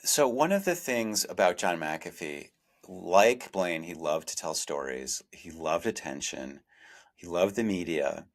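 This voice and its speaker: A man's voice: low-pitched, animated, unhurried. A middle-aged man co-hosting a podcast, talking reflectively and frankly, often restarting his sentences. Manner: reflective, self-deprecating, many restarts. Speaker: investigative journalist, podcast co-host. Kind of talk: conversational podcast discussion.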